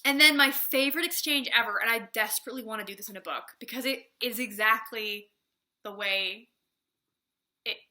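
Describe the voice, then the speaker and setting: Bright, gushing young woman reviewer. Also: on the high side, a little fast. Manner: gushing, chatty, full of "like" and tangents. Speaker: book reviewer. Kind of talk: casual book review vlog.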